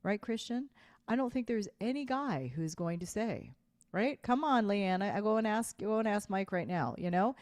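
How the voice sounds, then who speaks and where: A woman's voice: medium pitch, lively intonation, normal speed, darkish tone, no room sound, studio quality. A woman hosting a live online sales coaching session, speaking emphatically, repeating slogans and asking viewers to respond in chat. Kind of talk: live-streamed coaching talk.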